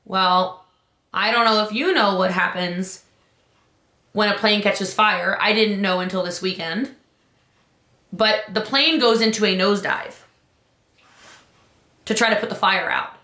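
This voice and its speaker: An urgent, emphatic woman coach rallies her audience with a bright, forceful voice. Her pitch jumps on the points she stresses. The room around her sounds echoey. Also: unhurried, long pauses. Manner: emphatic, urgent, rises high on key points. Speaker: business coach. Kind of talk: motivational talk.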